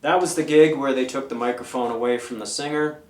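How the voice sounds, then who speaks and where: A man's voice: mid-range voice, fairly even intonation, brisk. Guy in his 50s rambling thru old stories, mic a bit far off, echoey room. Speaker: interview guest. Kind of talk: casual storytelling. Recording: roomy, away from the mic.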